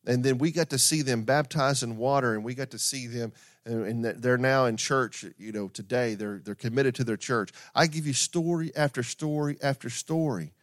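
A man's voice: medium pitch, normal speed, dry recording, clean studio sound. A middle-aged man preaching a sermon in a conversational way, with asides, repetition and everyday stories. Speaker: pastor.

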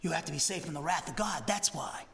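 High bright southern preacher guy teaching the bible, pushy emphatic delivery, echoey church hall. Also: fast, gravelly. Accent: Southern American. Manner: emphatic, rising to near shouts on key points, frequent restarts. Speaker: pastor teaching a Bible lesson. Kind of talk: expository sermon. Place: church sanctuary.

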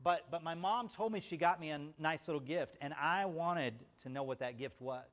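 A male pastor preaching a sermon, telling stories and calling out to the congregation, swinging from loud, emphatic phrases to hushed asides. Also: a little high, normal speed. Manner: storytelling with audience call-outs.

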